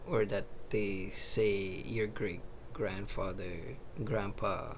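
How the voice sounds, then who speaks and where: A man hosting a reaction video, commenting casually in a slow, drawn-out way and swearing freely. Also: on the low side, flat delivery, gravelly, noisy background.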